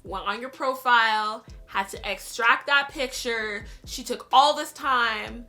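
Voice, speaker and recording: Bright-voiced chatty young woman vlogger. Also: a little high, slow pace, faint music behind. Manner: chatty, storytelling, heavy use of "like". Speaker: YouTube reaction host. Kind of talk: casual reaction vlog.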